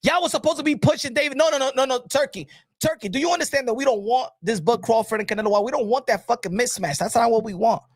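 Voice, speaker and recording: A man giving opinionated boxing commentary. He talks in heated, profane bursts, repeats words, and rises to shouting. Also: extremely high pitch, quick pace, dry recording, studio quality.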